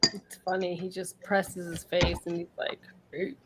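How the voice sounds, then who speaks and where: Casual giggly woman chatting, lowish voice, faint hiss. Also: monotone, normal speed. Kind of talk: casual chat.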